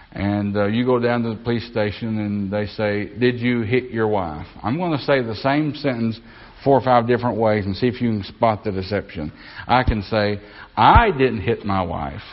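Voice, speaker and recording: A man's voice: on the low side, dull audio. A man preaching a sermon as pastor, folksy, often asking the congregation for an amen. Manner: folksy, asks congregation for amens.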